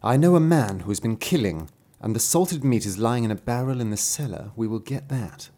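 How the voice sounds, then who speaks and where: A man's voice: medium pitch, expressive, fairly quick, mellow, natural voice. Man voicing a crafty fox, sly, scolding, storybook. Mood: scheming.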